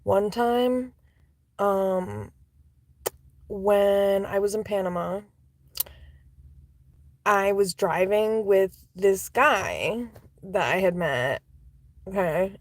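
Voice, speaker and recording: A woman tells casual storytime anecdotes in a mid-range voice on a dry recording. She's chatty, packs her speech with "like," laughs and swears, and now and then drops into soft, whispery asides.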